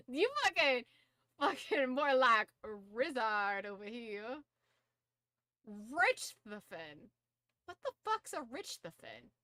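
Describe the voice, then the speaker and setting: A woman's voice: fairly high pitch, bright, forceful tone, dry recording. A young woman streaming casually, who swears freely, laughs a lot and shrieks in disbelief. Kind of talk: casual live-stream chat.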